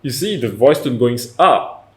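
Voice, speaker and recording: A man's voice: mid-range voice, animated, unhurried. A man hosting a self-help video, giving earnest direct-to-camera advice and often checking in with "right?" and "you know". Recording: echoey room.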